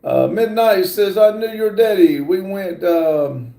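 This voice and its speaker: A middle-aged man, hosting a casual livestream and slowly reading viewer comments aloud with many fillers. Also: sits high, gravelly, dark tone, reverberant. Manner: slow, drawling, reads chat aloud with many fillers. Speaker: livestream host.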